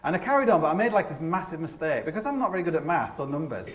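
A man in his forties tells climbing stories on stage at a rapid clip, rambling, self-mocking and stumbling through restarts. His voice sits a little high and rings around the big, echoey theatre. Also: very animated. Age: 40s. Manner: rambling, self-deprecating, heavy with fillers. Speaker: mountaineer giving a live talk. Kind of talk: live comic storytelling to an audience. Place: opera house stage.

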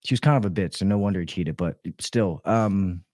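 A man's voice: deep voice, fairly quick, darkish tone, no room sound, clean studio sound. A man who works as an HVAC technician, a podcast guest telling work stories with lots of swearing and restarts. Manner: profane, rambling storyteller with many restarts. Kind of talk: casual podcast chat.

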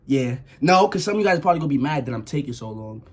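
A young man talking to his viewers in a casual vlog, nervous and rambling, with a slightly husky voice. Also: medium pitch, lively intonation, quick pace. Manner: nervous, jumpy, rambling, slangy, yelps and laughs. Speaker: vlogger.

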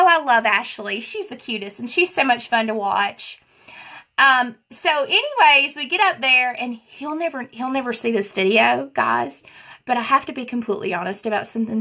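Doing her makeup on a livestream, a woman chats casually, giggling as she tells a story and greeting viewers by name. Her voice is fairly high-pitched, bright and forceful.

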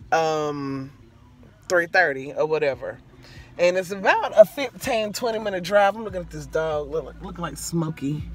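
A young woman vlogger with a lowish, slightly bright voice tells a storytime rant full of profanity. She rambles, gets sidetracked easily, and drifts off track before finding her way back.

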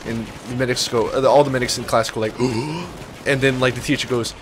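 A man's voice: medium pitch, steady tone, normal speed, slight background noise. A young man streaming a video game, joking and swearing as he riffs on it, with game music behind him. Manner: joking, swearing, riffing on the game in silly quoted voices. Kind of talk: gameplay commentary.

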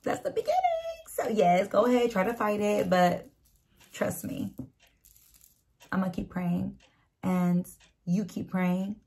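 Speaking casually to a camera about faith, a Christian video speaker uses slang and repeats key lines for emphasis in a conversational way. Her medium-pitched voice is gravelly and darkish, fairly even in intonation, slow, and broken by frequent pauses, all caught on the camera mic.

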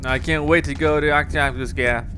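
A young man giving jokey let's play commentary, yelping and shouting at the game. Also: a little high, fairly even intonation, moderate pace, noisy background. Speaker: gaming YouTuber.

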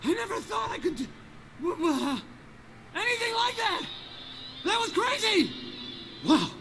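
Squeaky shy male video game DJ, stammering, very lively pitch, light ambient noise. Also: measured pace, vocal fry, exaggerated voice. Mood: amazed. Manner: stammering, breathless wonder. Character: nervous young male radio DJ, squeaky and shy. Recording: game music behind.

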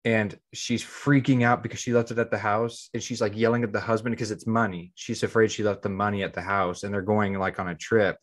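A man's voice: on the low side, flat delivery, brisk, hardly any pauses. A man co-hosting a podcast in casual chat, rambling, leaning on "like" and often restarting his sentences. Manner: rambling, heavy use of "like". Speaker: podcast co-host.

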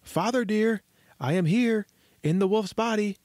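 A man voicing a plucky boy the size of a thumb, speaking high and urgently in a storybook reading. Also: animated, measured pace, no room sound. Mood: frantic shouting.

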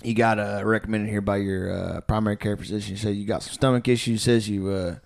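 Brief: young guy, podcast co-host, crude rambling storyteller, does quick voices of other people. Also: lowish voice, vocal fry. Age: young adult. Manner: rambling, crude, animated, mimics a drawling old doctor. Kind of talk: casual comedic storytelling.

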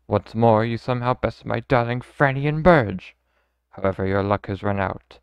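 A stern villain enforcer from a video game, formal and commanding, read out by a man. The voice is clear but dull and lo-fi, recorded dry and close. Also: on the low side, moderate pace, no echo.

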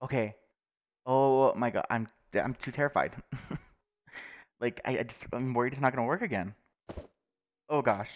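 A young man giving nervous, excitable commentary while playing a video game, often laughing and exclaiming. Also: medium pitch, normal speed, pauses often, muffled recording. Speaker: gaming YouTuber. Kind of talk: Let's Play commentary.

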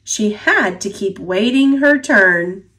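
A woman reading a children's picture book aloud in a gentle, expressive narrating voice. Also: medium pitch, slow pace. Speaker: storybook reader.

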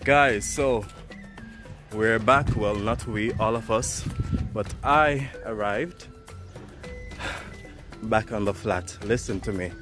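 A winded man talks straight to his handheld camera on a rainforest hike, his voice low and his pace slow. He sounds excited and keeps calling out to his viewers, recorded outdoors with music playing clearly underneath. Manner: excited, breathless, addresses viewers as guys. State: out of breath. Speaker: travel vlogger. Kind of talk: hiking vlog to camera.

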